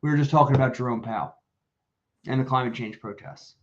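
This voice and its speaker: A man's voice: medium pitch, quick pace, dull audio, a little hiss or hum. A man co-hosting a live podcast in casual chat, blunt and profane, rambling with lots of fillers over a video call. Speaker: podcast co-host.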